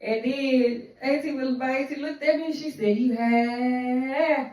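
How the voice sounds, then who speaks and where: High-voiced woman, echoey and distant. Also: moderate pace. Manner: animated, profane, rambling. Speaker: storyteller. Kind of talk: casual storytime monologue.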